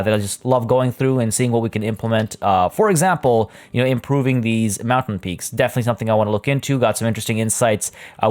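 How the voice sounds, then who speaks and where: A man's voice: medium pitch, darkish tone. A man talking casually as a gaming YouTuber over a let's play, chatty and rambling with many fillers.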